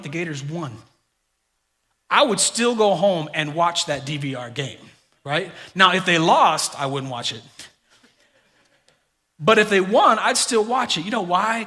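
A man preaching a sermon as pastor, telling stories in a conversational way and swinging between loud exclamations and hushed lines. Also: high-pitched. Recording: reverberant hall.

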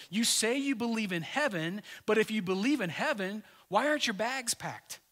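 A man preaching a sermon to his congregation in a conversational, joking way, often dropping suddenly to a soft voice. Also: high-pitched, lively intonation, brisk, hardly any pauses. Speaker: pastor.

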